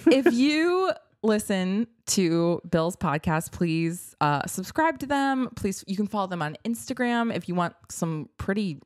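A woman's voice: mid-range voice, big pitch swings, measured pace, few pauses, no room sound. Chatty woman podcast co-host, dry sound. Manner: chatty, many fillers and laughs. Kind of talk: casual chat.

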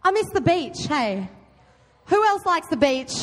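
A young woman giving a loud, chatty youth talk, often quizzing her audience. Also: very high-pitched, very animated, unhurried. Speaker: youth group speaker. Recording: long hall reverb.

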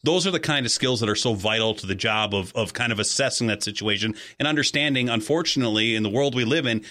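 A man co-hosting a casual chat, telling a story in a reflective, drawn-out way. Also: medium pitch, bright, forceful tone. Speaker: co-host.

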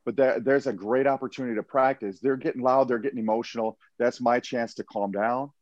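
Measured man explaining negotiation tactics. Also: medium pitch, fairly even intonation, no room sound, highs cut off. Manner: measured, explanatory, repeats words at starts of phrases. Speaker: hostage negotiator and professional speaker. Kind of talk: podcast interview.

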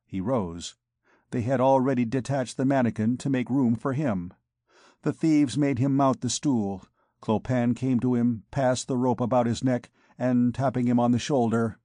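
A male audiobook narrator reads a classic novel aloud from a script in a steady, measured way. His voice is medium-pitched, with clean studio sound and no room noise.

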